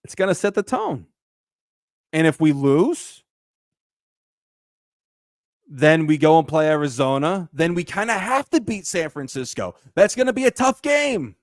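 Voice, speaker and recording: Animated man hosting sports talk. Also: fairly high pitch, measured pace, long pauses, dry recording, clean studio sound. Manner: animated, emphatic, repeats himself. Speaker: sports show host.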